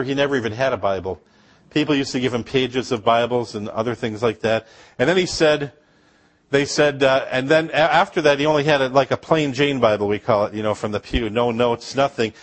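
A middle-aged man from Upper Michigan tells mission stories from the pulpit, joking and asking the congregation questions. His voice sits at an ordinary middle pitch, and he spins anecdotes with a preacher's easy humor. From Upper Michigan, USA. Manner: anecdotal storytelling with laughs and asides to the congregation. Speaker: missionary speaker.

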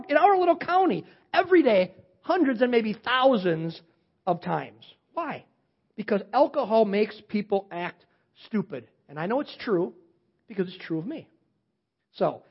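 A man in his fifties preaching a sermon as pastor, animated, swinging from loud emphatic questions to quiet low asides. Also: dull audio.

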